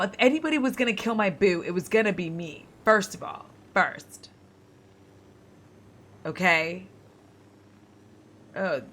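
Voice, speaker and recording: A woman's voice: lowish voice, fairly bright tone, breathy edge. A woman chatting over her gameplay in a loose, unscripted way. She swears freely and laughs often, with plenty of exasperated asides. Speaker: game streamer. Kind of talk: casual gameplay commentary.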